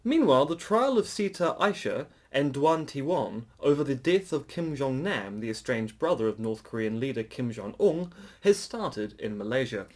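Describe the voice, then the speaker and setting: Man from New Zealand, podcast co-host, sardonic, animated pitch, brisk news reading. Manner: dry, sardonic, reads news items briskly. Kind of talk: casual podcast chat.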